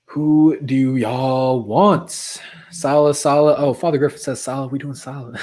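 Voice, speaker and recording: A man's mid-range, steady, darkish voice moves at an unhurried pace while he hosts a livestream late at night. He chats casually with viewers and reads their comments out, his voice growing worn.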